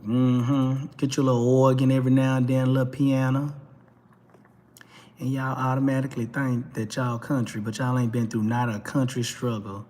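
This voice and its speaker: A man's voice: medium pitch, level tone, moderate pace, dark tone. A man with a Texas twang hosting a talk show, giving a blunt, emphatic and profane ranting monologue that keeps hammering the same points. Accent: Texan twang.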